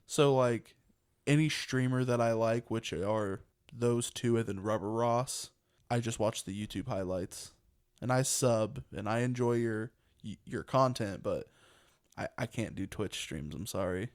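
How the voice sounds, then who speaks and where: A man's voice: medium pitch, unhurried, clean tone. A young man co-hosting a casual podcast, talking in a rambling, chatty way and laughing often. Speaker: podcast co-host.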